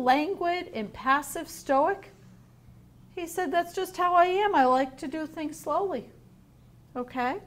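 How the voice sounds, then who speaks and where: A woman teacher reading a picture book aloud to young children, explaining words gently and asking them questions. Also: medium pitch.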